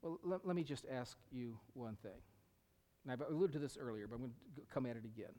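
A man's voice: mid-range voice, quick pace, warm tone. A middle-aged male pastor preaching a sermon, emphatic, repeating key phrases and sometimes dropping to a whisper. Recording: long reverb of a hall.

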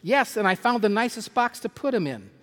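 A man's voice: high voice, very animated, fairly quick, voice pushed up. An earnest, literal-minded storybook housemaid, as a man puts her on in a raised sing-song voice. She sounds eager and innocent. A long hall reverb trails every phrase.

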